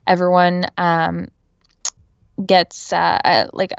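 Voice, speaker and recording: A woman's voice: fairly low pitch, monotone, takes it slowly, gravelly, clear, resonant tone, no room sound, highs cut off. A woman co-hosting a podcast, giving a casual, chatty recap full of fillers like "um" and "you know". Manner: chatty, filler-heavy retelling. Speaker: podcast co-host.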